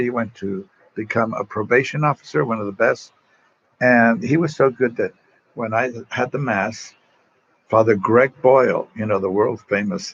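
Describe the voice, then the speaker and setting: A man's voice: on the low side, husky, lo-fi sound. An older man, a priest, telling rambling personal stories to an online audience in a casual way, often restarting his sentences. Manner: rambling, warm anecdotes with frequent restarts.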